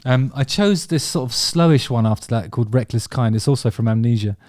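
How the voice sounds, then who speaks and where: A man's voice: mid-range voice, a little fast, darkish tone, faint music behind. A man chatting casually about favourite songs, rambling and enthusiastic, with many ums and restarts. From England. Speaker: vlog host talking about music.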